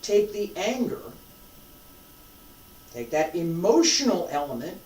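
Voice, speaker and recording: A martial arts instructor teaching a live class, emphatic and repetitive, swinging between loud and hushed. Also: medium pitch. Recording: roomy sound from a distant mic.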